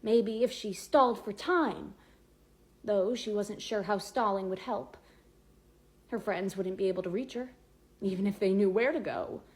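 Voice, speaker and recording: A woman's voice: mid-range voice, measured pace, a little mellow, husky. A woman reading a novel aloud with dramatic, varied pacing. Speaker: audiobook reader. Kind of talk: expressive book narration.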